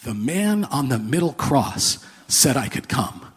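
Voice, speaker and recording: A man voicing a humble, plain-spoken thief, quiet and earnest, with a husky voice. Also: medium pitch, very animated, unhurried.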